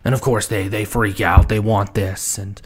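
A man's voice: lowish voice, fairly even intonation, normal speed, a little mellow, husky. A man giving comedic commentary on a children's book, often stammering and repeating words and dropping into whispered asides. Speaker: book reviewer.

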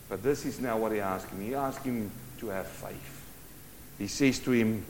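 A man preaching a sermon, swinging from loud urgent bursts to hushed, intimate lines. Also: on the low side, a little slow, vocal fry, slight background noise. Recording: long hall reverb.

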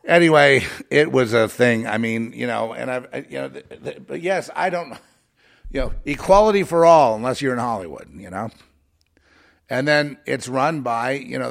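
Gravelly man in a rambling monologue. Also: medium pitch. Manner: halting, repeats words, swings from mutters to heated outbursts.

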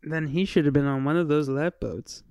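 A podcast co-host in casual chat, teasing and joking and quick to laugh. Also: mid-range voice, a little mellow, smooth, dry recording, studio quality.

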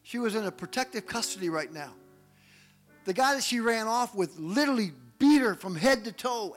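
A male pastor preaching a sermon, telling family stories in an animated way and acting out the people in them. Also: sits high, normal speed, faint music behind. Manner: animated storytelling, acts out quotes.

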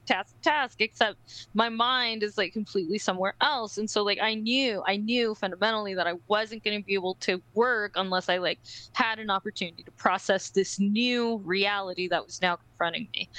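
Bright-voiced woman telling a story, lots of "like". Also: mid-range voice, dry recording, rough recording. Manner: animated storytelling with frequent "like" and "right?"; swears casually. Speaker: podcast co-host. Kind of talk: casual podcast chat.

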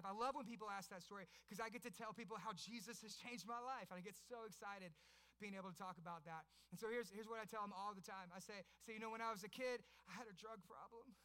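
A pastor in his thirties preaching a sermon, telling his story and building to loud, passionate preaching. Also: sits high, smooth.

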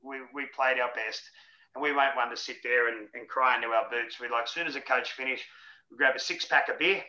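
A blokey man in his forties yarns frankly and jokily as an interview guest, his voice bright and forceful. The audio sounds roomy and a little dull. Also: mid-range voice, fairly even intonation, a little fast. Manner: blokey, frank and jokey, laughs through anecdotes. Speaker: interview guest, former rugby league player. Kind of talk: casual storytelling interview.

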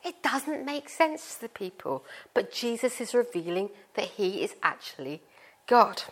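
A woman's voice: on the high side, very animated, a little slow. Chatty middle-aged British woman preaching. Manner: chatty, informal, explains with family stories. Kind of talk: conversational sermon.

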